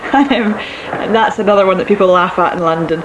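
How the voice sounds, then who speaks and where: A woman's voice: medium pitch, animated, normal speed. Chatty Ayrshire-accented woman in her thirties. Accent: west of Scotland, Ayrshire. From Scotland. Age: 30s. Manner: chatty, hesitant with frequent ums, laughs easily. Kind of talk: casual monologue about dialect. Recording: noticeable background noise.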